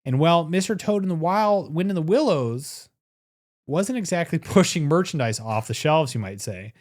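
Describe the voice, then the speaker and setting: A man's voice: on the high side, lively intonation, moderate pace, a little mellow, dry recording. A man co-hosting a podcast, reading scripted history between bursts of playful banter on a close mic. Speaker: podcast co-host. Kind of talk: casual podcast chat with read narration.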